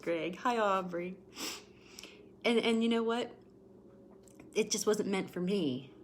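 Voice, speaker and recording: A woman's voice: mid-range voice, takes it slowly, a little hiss or hum. A woman in her forties giving an emotional, repetitive tarot reading on a livestream, greeting viewers by name as she talks. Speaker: tarot reader.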